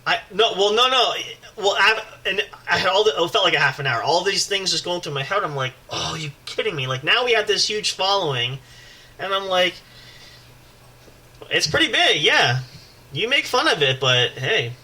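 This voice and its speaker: A man co-hosting a podcast, telling a story in an animated, rambling way, with swearing and constant restarts. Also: sits high, moderate pace, low-quality recording. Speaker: podcast co-host. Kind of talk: casual podcast banter.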